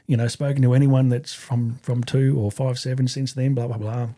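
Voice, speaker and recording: A middle-aged Australian man telling his story as a podcast guest in a halting way, with many restarts and fillers and blunt swearing. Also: mid-range voice, mellow. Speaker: podcast guest, army veteran. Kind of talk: casual conversational storytelling.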